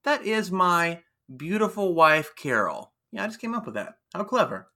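Lively, bright-voiced man hosting a podcast. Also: high voice. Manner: animated, jokey, quick asides. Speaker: podcast co-host. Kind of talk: casual wrestling recap chat.

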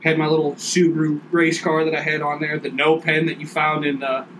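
A man rattles off a story in loose, swear-heavy chat, and he acts out every quoted line as he goes. His voice sits a little high for a man. There's faint hiss in the background. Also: a little fast, rough recording. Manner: profane, animated storyteller acting out quotes.

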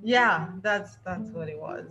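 Podcast co-host, female, from Nigeria; lively, laughs easily, repeats words for emphasis, music underneath. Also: medium pitch, a little slow, lo-fi sound. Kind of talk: casual chat about books.

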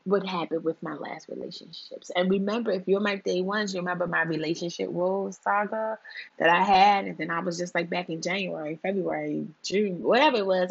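A woman's voice: lowish voice, fairly even intonation, fairly quick, vocal fry, husky, muffled recording. A woman hosting her own show in a casual monologue, emphatic and fond of repeating her points for effect.

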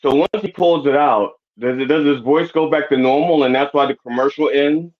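A man's voice: fairly high pitch, brisk. A man co-hosting a casual podcast, rambling and joking. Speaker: podcast co-host. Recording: dull lo-fi audio.

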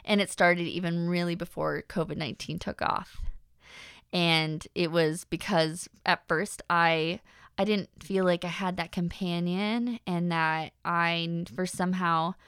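Chatty young woman with gravelly fry. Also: fairly low pitch, no room sound, clean studio sound. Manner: chatty, frequent fillers like "um" and "like"; faith-centered, animated asides. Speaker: podcast host. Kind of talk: casual personal monologue.

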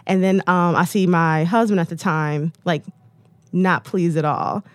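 A woman's voice: fairly low pitch, steady tone, measured pace, no echo. A woman in her thirties from the United States, a guest telling personal stories in a candid interview, chatty with lots of "like"s and "um"s. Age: 30s. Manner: chatty, many "like"s and "um"s, acts out quotes.

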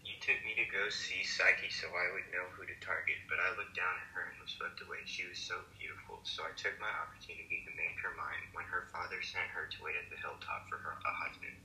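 A man reads Cupid, the young god of love, earnestly and without much put-on voice. His voice is very low yet sharply bright. The recording is echoey, with a faint hiss behind it. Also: steady tone, fairly quick, hardly any pauses. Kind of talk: amateur read-aloud role-play.

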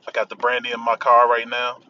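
Dc guy rambling casual promo from his car, sharp bright voice, faint car rumble behind. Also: completely flat delivery, brisk, dull audio. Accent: Washington, D.C. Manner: loose, repetitive, keeps saying "man". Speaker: podcast host. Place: inside a car. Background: faint vehicle noise.

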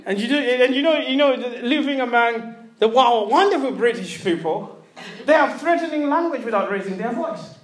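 High-pitched, lively African woman preacher, echoey church sound. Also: moderate pace. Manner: animated, laughing, calls out to the congregation. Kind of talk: sermon.

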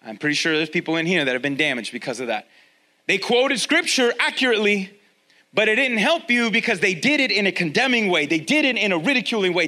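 Male pastor, high bright voice, lively conversational sermon delivery with emphatic repeats, church setting. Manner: energetic, conversational, repeats key lines for emphasis. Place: church with a congregation, also streamed online.

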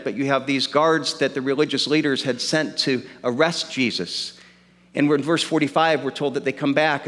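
A man's voice: on the high side, fairly bright tone, in a large hall. A man preaching a sermon as pastor, earnest and repeating words as he works through an argument.

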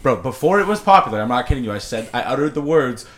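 Podcast host, man in his 20s from Canada, quick, animated storyteller who swears freely. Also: mid-range voice.

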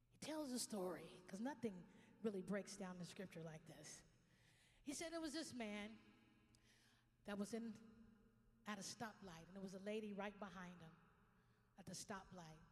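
A woman pastor preaching a lively sermon, telling stories and swinging from quiet asides to loud exclamations. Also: medium pitch, long reverb tail.

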